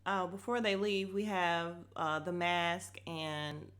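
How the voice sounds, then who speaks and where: Her voice is on the low side and a bit bright, and she speaks slowly. As a podcast host recapping a reality show, she's blunt and full of opinions, curses without hesitation, and flares up when something bugs her.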